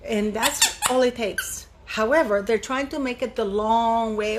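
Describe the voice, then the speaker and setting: A woman with a fairly high voice hosts her own online channel and talks straight to her viewers. She speaks with emphasis, leaning on key words and restating her points. A faint hiss of noise sits under the recording. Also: measured pace, hardly any pauses. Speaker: YouTube channel host. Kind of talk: casual commentary monologue.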